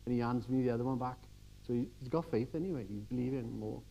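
An older man giving a church sermon, telling everyday stories and swinging from quiet asides to emphatic exhortation. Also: medium pitch, fast, creaky, dull audio, a little hiss or hum. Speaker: preacher.

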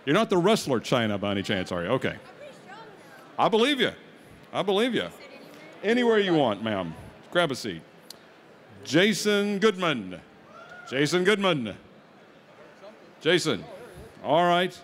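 A man's voice: fairly high pitch, wildly swooping pitch, moderate pace, long pauses. A man emceeing a live food-eating contest, joking with contestants and hyping up the crowd. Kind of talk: live event announcing on a PA.

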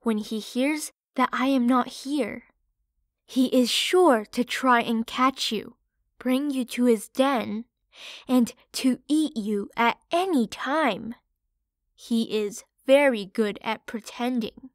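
A woman voicing an aging mother pig who is caring and worried, speaking softly and slowly in an audiobook. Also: on the high side, dry recording, studio quality. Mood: gentle worried. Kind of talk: audiobook character voice.

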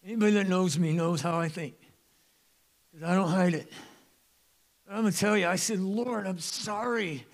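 A man preaching a sermon as pastor of a church, animated and joking, with sudden loud bursts. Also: high-pitched, a little fast, pauses often. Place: church sanctuary.

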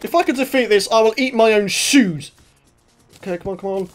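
A young man commentating his own gameplay, excitable, laughing often and shouting when in trouble. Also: sits high, a little fast, soft background music. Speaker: gaming channel host. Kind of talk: let's play commentary.

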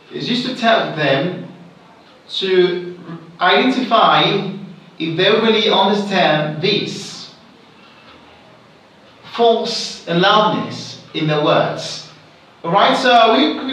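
A man's voice: sits high, a bit bright. A man teaching an exam-prep English lesson, repeating example sentences and checking that students follow. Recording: very echoey room, mic far off.

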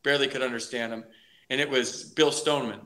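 Talking fast at a medium pitch, a middle-aged man who once played ball and later broadcast tells his career story on a podcast interview. He's animated and energetic, frequently starting his sentences over.

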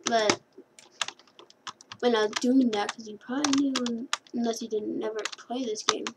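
She comments casually on her computer game, wandering off and fixing her words as she goes. Her voice sits on the high side with fairly even intonation at a moderate pace, over keyboard clicks and clear background noise.

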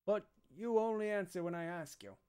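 A man's voice: high voice, lively intonation, brisk, darkish tone, clear, resonant tone. A man voicing a bossy police captain. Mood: stern. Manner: stern, bossy. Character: gruff middle-aged male police captain.

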